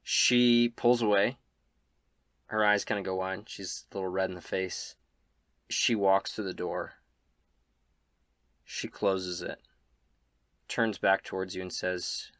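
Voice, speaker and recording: Low bright voiced guy running a tabletop game, jokey, dry mic. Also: fairly even intonation, slow pace, pauses often, dry recording. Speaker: game master.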